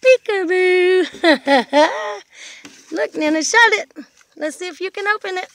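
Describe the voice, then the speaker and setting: Very high sing-song grandmother. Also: slow pace, a bit bright, slight background noise. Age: older. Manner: sing-song, coaxing, playful. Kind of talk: baby talk to a toddler. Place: back yard, outdoors.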